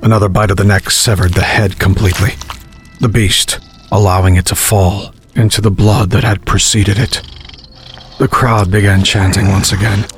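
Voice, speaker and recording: A man narrating a horror story in a measured, grim storytelling manner. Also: fairly low pitch, little pitch movement, soft background music.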